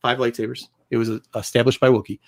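A man's voice: mid-range voice, little pitch movement, fast. A man hosting a podcast, talking animatedly about a book and pressing his points with emphasis. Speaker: podcast host. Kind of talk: casual book review chat.

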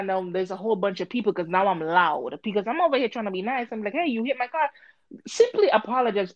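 A woman telling a story in casual chat, animated and swearing, acting out both sides with a voice she calls harsh. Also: mid-range voice, fast talker, no room sound, dull audio. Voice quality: harsh-sounding voice.

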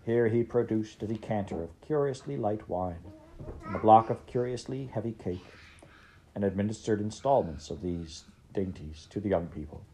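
A woman reading a classic story aloud, steady and expressive. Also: very deep voice, moderate pace, a little hiss or hum. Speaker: audiobook reader. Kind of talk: scripted narration.

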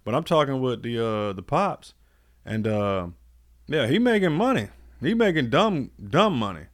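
A man's voice: medium pitch, big pitch swings, moderate pace. A man co-hosting a podcast, telling stories in a laid-back way with lots of slang. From United States. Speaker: podcast co-host. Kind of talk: casual chat.

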